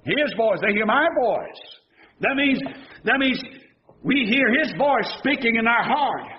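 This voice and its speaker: High, animated preaching elder. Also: male voice, measured pace, lo-fi sound. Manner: preaching with swings between raised shouts and hushed low tones; asks the congregation questions and answers them himself. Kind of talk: sermon.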